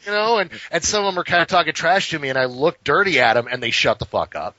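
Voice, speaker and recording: A man with a bright, forceful, somewhat high voice tells a story on a podcast, animated and full of swearing as he acts out each person. The recording is a little dull and very dry. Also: quick pace, dry recording. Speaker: podcast co-host. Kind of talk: casual storytelling.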